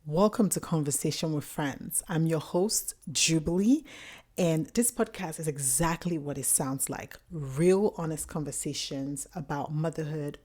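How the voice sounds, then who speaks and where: A young woman hosting her own podcast, telling a personal story in a candid, animated way and acting out quotes. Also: deep voice, unhurried. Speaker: podcast host. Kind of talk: personal solo podcast talk.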